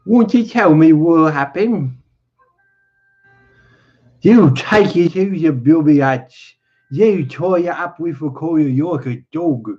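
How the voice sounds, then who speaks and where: A man voicing a lonely, needling older male stable hand, drawn out and raised in pitch, on a dull lo-fi recording. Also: slow, long pauses, dark tone.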